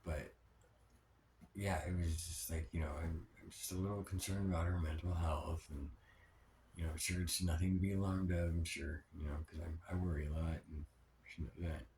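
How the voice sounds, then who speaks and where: Brief: low, gravelly man, personal diary vlog, rambling and hushed at times, roomy echo with background noise. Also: flat delivery, normal speed. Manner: rambling, many fillers, drops to a near whisper at times; swears when upset. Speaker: vlogger. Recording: echoey room with background noise.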